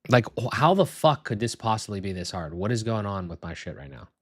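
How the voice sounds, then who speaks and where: A young man with a lowish voice streams himself setting up software, muttering and cursing as things go wrong. He talks half to himself and half to his viewers. The sound is dry and close, with no room around it. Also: expressive, fairly quick, breathy edge, no echo. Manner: frustrated muttering, frequent swearing.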